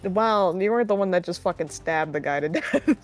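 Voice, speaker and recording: A woman's voice: lowish voice, animated, brisk, soft background music. A woman playing a tabletop game, giggly and swearing casually as she talks. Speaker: player.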